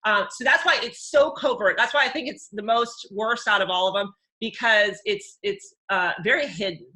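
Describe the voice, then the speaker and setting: A middle-aged woman hosting a live workshop as a counselor, chatty and animated, breaking into high mimicking voices. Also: normal speed, rough recording.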